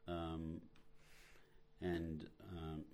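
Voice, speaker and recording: A man speaking as a podcast guest, in a hesitant and measured way, with many pauses and fillers. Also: very deep voice, completely flat delivery, mellow. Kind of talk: casual podcast chat.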